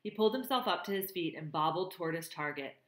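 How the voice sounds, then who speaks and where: A woman reading a novel aloud, sometimes pausing to comment on the story. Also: fairly low pitch, animated, reverberant. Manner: pauses to comment on the plot. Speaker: reader.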